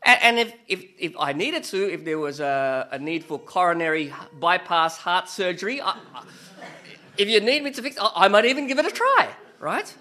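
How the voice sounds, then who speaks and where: A man's voice: sits high, animated, moderate pace, sharp tone. A man preaching a conversational sermon who keeps asking his listeners rhetorical questions and jokes about himself. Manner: asks the listeners rhetorical questions, chatty and self-mocking.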